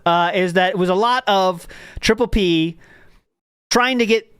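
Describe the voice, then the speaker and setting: A man's voice: sits high, a little slow, a bit bright, smooth, dry recording. A man hosting a casual podcast, rambling and correcting himself as he talks. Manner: rambling, self-correcting, laughs at own jokes. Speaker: podcast host.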